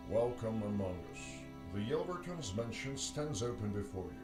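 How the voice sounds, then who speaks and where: A man's voice: fairly low pitch, lively intonation, normal speed, a little mellow, soft background music, close to an everyday voice. A man voicing an aloof cultist doorkeeper in a video game, greeting guests in a stiff, formal way.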